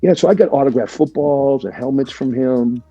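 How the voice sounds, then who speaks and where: A man's voice: medium pitch, normal speed, husky, dry recording, highs cut off. A man, a guest in a casual interview, telling stories chattily with plenty of swearing and "right?" after each point. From Boston area, USA. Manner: chatty and animated, swears freely, leans on "right?" and "like". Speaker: guest, military veteran.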